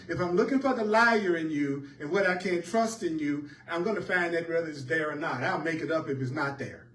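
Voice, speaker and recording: A man's voice: fairly high pitch, fairly quick, a bit bright. A man teaching a spiritual class, repeating his points with an emphatic, preacher-like cadence. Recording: echoey room heard from a distance.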